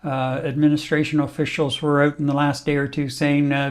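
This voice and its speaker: A man hosts a talk show in a conversational, wry manner, reading listener comments aloud between remarks. His voice sits a little higher than most men's. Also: steady tone, moderate pace, few pauses. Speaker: host.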